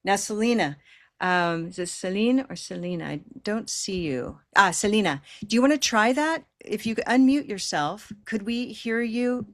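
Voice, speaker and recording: A woman's voice: medium pitch, animated, normal speed, no echo. Patient woman teaching pronunciation online. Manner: patient, encouraging, models long held vowels. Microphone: video call.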